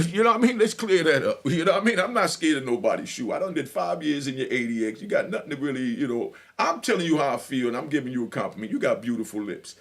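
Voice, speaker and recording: Gravelly, animated New storyteller man. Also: medium pitch, fast talker. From New York. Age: middle-aged. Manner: animated, swaggering, laughs often, fills with "you know what I mean". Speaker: storyteller sharing prison stories. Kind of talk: casual storytelling.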